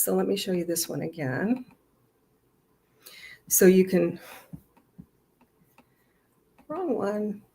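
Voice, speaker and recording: This is a woman with a slightly low voice, telling a personal story to the camera. She talks in an animated, chatty way, full of fillers. She is recording outdoors in her garden. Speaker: storyteller vlogger. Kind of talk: casual storytime monologue.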